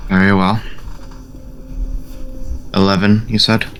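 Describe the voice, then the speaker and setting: A man playing a flat, formal vampire scientist. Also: low voice, slight background noise. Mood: dry. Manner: formal, measured, dry. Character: reserved young male vampire researcher.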